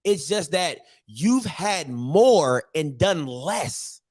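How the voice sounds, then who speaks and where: A man hosting a sports commentary show, talking in a joking, animated way and repeating phrases for emphasis. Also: on the high side, drawn-out words, slightly rough. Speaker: show host.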